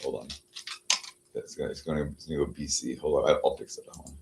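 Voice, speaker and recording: A man's voice: extremely low pitch, fairly even intonation, fast, creaky, a little mellow, a little hiss or hum. A man chatting casually on a livestream, meandering and full of fillers, now and then cooing at his cat. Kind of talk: casual rambling livestream chat.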